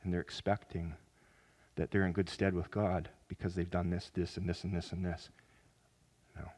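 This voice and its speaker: A man preaching a sermon as pastor, earnest, with sudden loud emphatic rises. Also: sits low, level tone, moderate pace.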